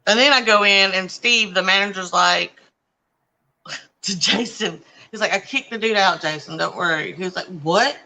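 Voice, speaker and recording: A woman with a very bright, edgy voice chats casually as host. She tells her stories in an animated way and plays out each quoted line with its own voice. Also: medium pitch, normal speed, rough recording. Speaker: channel host. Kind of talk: casual chat.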